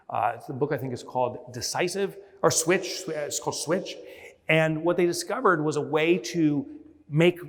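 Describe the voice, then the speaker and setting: A man giving a motivational business keynote on a conference stage, telling stories with energy and acting out scenes. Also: on the high side. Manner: energetic storyteller, mimics and shouts when acting out scenes. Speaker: keynote speaker. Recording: long hall reverb.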